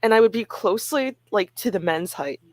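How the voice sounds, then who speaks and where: A woman chatting casually on a stream in a relaxed way, sharing facts and laughing easily. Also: medium pitch, brisk, no echo. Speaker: webcomic co-creator streaming. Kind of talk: casual chat.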